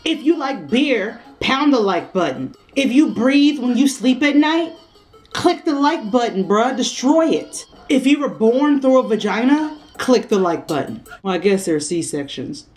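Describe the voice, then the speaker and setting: A young woman talks straight to camera in a loose, profane, joking vlog style, her voice pitched a little high. She laughs easily, and light music plays underneath. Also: sing-song, measured pace, darkish tone. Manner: brash, profane and playful, laughs a lot. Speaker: vlogger. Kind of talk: casual vlog chat.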